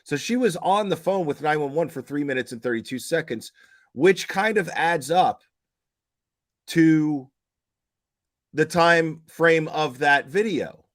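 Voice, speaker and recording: A man's voice: a little high, a little slow. A man giving casual true crime commentary, skeptical and questioning, stumbling over restarts and firing off rhetorical questions. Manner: acts out quoted dispatcher questions.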